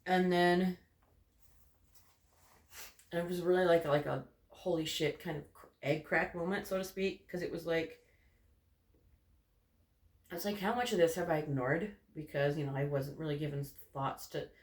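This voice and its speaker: A man's voice: on the high side, steady tone, moderate pace, long pauses. A young man vlogging from his bedroom in a candid, rambling way, full of "like" and "you know". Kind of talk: casual personal ramble to camera. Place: bedroom corner. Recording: roomy bedroom echo.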